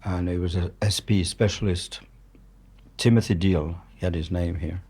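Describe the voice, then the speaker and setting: The guest, a war journalist from France in his seventies, speaks accented English at a normal pace in a low, steady voice that's slightly mellow and a little rough. He tells stories candidly in conversation, blunt, matter-of-fact, with free swearing.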